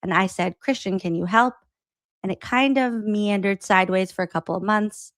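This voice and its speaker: A woman's voice: mid-range voice, moderate pace, dry recording. A woman podcast host reading an interview transcript aloud and adding wry asides between the quotes.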